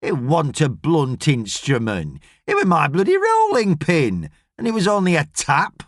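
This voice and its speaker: A man's voice: on the high side, huge pitch swings, measured pace, no room sound, studio quality, pitched above the performer's own voice, exaggerated voice. An actor voicing a stubborn, feisty elderly grandmother who speaks bluntly and indignantly.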